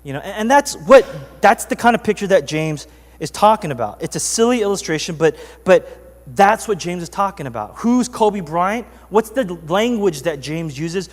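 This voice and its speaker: A man's voice: high voice, expressive, moderate pace, big-room sound. A man preaching a sermon as pastor, telling a story in a loose, chatty way with many fillers. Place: church sanctuary.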